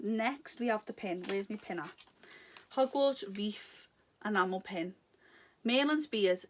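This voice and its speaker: A young woman talks her way through an unboxing in a loose, casual chat. She gushes over each item, giggles often and drifts off topic. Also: mid-range voice. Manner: chatty and giggly, rambling off topic, gushing. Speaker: vlogger unboxing a subscription box.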